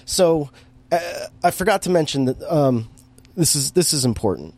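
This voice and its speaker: A man's voice: a little high, animated, moderate pace, a little mellow. A man in casual chat, recapping a movie with lots of fillers and restarts and an amused tone. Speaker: podcast co-host recapping a movie.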